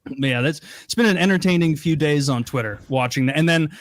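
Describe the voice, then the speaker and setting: A man's voice: fairly high pitch, fast, no echo. A man co-hosting a podcast, rambling and mocking as he chats casually. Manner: rambling, mocking, mimics others in quotes. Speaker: podcast co-host.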